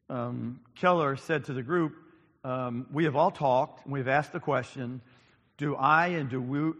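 Man, pastor, sermon, mid-pitched voice, frequent ums, repeats lines for emphasis, long echo of a big church hall. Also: fairly bright tone. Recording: long reverb of a large hall.

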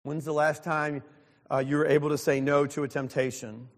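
A man's voice: on the high side, little pitch movement, normal speed, in a large hall. A pastor in his sixties preaching a sermon, earnest and openly self-deprecating. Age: 60s.

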